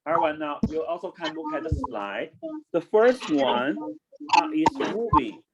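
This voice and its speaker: This is a man leading an online children's class in a fairly high, expressive voice, speaking slowly and spelling out repeated words. He switches back and forth between English and Chinese over very noisy audio.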